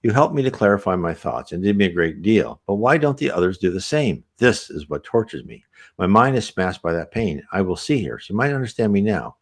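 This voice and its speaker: A man's voice: low voice, big pitch swings, brisk, heavily acted. Bewildered spirit of a dead man, read by a man. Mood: pained. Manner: bewildered, pleading.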